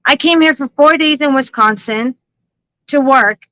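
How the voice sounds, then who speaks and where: A woman hosting a psychic-reading livestream, telling a story in an animated, laughing way and swearing freely. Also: sits high, measured pace, no echo, low-quality recording. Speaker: psychic reader and livestream host.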